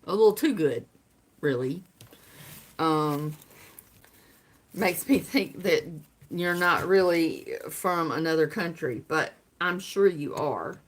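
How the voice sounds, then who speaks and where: Slow-talking Southern woman, chatty livestream. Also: low voice. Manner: chatty, reads and answers viewer comments. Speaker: livestream host. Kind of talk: casual livestream chat with viewers.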